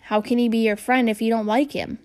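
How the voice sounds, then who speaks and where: Woman as a gentle encouraging school counselor. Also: fairly high pitch, level tone, brisk, lightly acted. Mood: kind.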